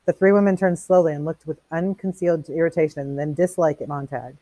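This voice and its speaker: A woman reads a novel aloud in a somewhat low voice, stepping out of the text now and then to explain it in a relaxed, casual way. The sound is close and dry, with no room around it. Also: fast, no echo. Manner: reads plainly, stops to explain in casual asides. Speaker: teacher reading a novel aloud. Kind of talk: read-aloud with commentary.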